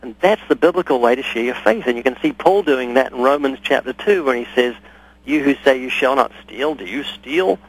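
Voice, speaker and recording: A man's voice: mid-range voice, lively intonation, fairly quick, breathy edge, low-quality recording. A man speaking as a guest on a radio interview, explaining his views by telling stories and acting out both sides of conversations. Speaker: guest evangelist. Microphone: studio or phone radio interview.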